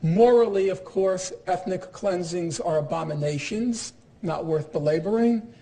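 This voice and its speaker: A man in his sixties delivers a public lecture in a high-pitched voice. He speaks emphatically and with dry sarcasm, breaking off often with fillers and restarts. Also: unhurried, dark tone, low-quality recording. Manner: emphatic, quotes opponents with sarcasm.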